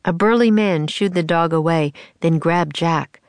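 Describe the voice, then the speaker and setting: A woman narrating a children's storybook in a steady reading voice, switching into voices for the characters. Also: on the low side, measured pace, clear, resonant tone, no room sound. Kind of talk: scripted narration of a children's book.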